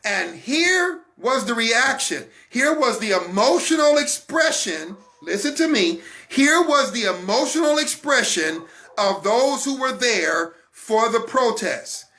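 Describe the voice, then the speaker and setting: A man's voice: very high-pitched, very animated, slow pace, pushed and bright. An American man hosting a Christian broadcast, giving an emphatic, repetitive sermon-like talk straight to his listeners. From United States.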